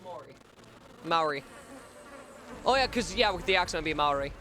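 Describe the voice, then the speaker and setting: A man's voice: on the high side, lively intonation, moderate pace, noisy background. A male streamer chatting casually on a live gaming stream, swearing freely and repeating words over and over to test how to say them.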